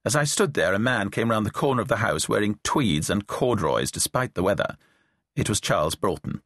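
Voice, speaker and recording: This middle-aged man reads a novel aloud briskly, his lowish voice a bit bright and lively in intonation. Dry, wry storytelling and lightly voiced characters mark his audiobook narration, captured by a close studio mic in a dry booth with no room sound.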